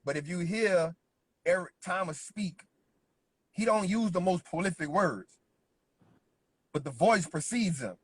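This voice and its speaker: A man's voice: high-pitched, animated, measured pace, pauses often, slightly rough, dry recording. A man giving a motivational business talk, driving points home emphatically and checking in with "right?" after nearly every phrase. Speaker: business speaker.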